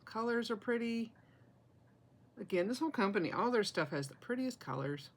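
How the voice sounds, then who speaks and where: A woman's voice: fairly high pitch, animated, normal speed, poor audio. A woman, chatting casually and self-deprecatingly as she shows her cross-stitch projects, laughing often. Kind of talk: casual show-and-tell chat.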